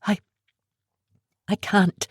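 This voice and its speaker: A woman's voice: no echo, clean studio sound. A woman playing a shaken, stammering young woman. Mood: hesitant. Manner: hushed, halting, stammering. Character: young woman shaken and tearful after breakdown. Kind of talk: audiobook character voice.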